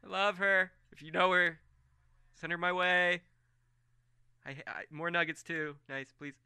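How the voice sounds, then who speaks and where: A man's voice: high voice, fairly even intonation, measured pace, gravelly, pushed and bright, clean tone, no room sound, voice pushed up, heavily acted. A man voicing a goofy, lovesick young man with a dreamy, rambling manner.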